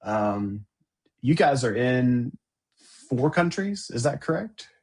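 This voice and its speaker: Upbeat male podcast host, husky edge, casual and chatty. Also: mid-range voice, big pitch swings, slow, darkish tone. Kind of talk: casual interview hosting.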